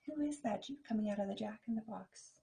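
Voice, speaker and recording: A kindergarten teacher reads a picture book aloud to young children, expressive and playful, and speaks to them directly. Her mid-range voice is creaky and quick.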